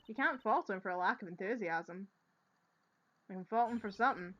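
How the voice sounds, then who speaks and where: A woman's voice: mid-range voice, brisk, a bit bright, highs cut off, soft background music. A woman with a Scottish accent giving chatty, sweary commentary on a game she is playing. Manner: chatty, swearing, laughing asides. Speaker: game streamer. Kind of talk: casual playthrough commentary.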